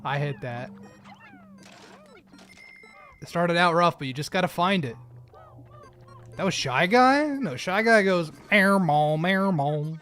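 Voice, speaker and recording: A man casually chatting on a live stream while gaming, jokey and rambling, quick to laugh at himself. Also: sits high, lively intonation, sharp tone, soft background music.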